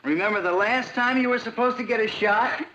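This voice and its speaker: An actor playing an earnest, awkward and jealous teenage boyfriend in a 1960s sitcom. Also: male voice, very high voice, a little fast, sharp tone, a little hiss or hum. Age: teen. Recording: lo-fi TV audio with faint music.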